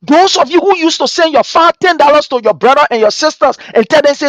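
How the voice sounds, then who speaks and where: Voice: high-pitched, expressive, quick pace, hardly any pauses, a bit bright, no room sound, muffled recording. Activist, passionate rally-style address, dry close sound. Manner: fervent, repetitive rallying cries. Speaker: political activist addressing supporters abroad. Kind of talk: impassioned political address.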